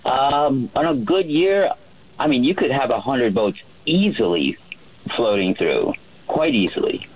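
A man who works as a yacht chef, telling a relaxed story on the radio with many fillers and restarts. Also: mid-range voice, measured pace, slightly rough, poor audio.

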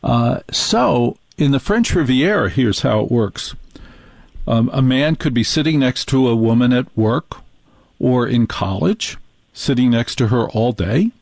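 A man's voice: mid-range voice, expressive, a little slow, gravelly, darkish tone, no room sound, studio quality. Wry joking man from New Jersey. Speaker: radio show host. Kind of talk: casual radio chat, comic storytelling.

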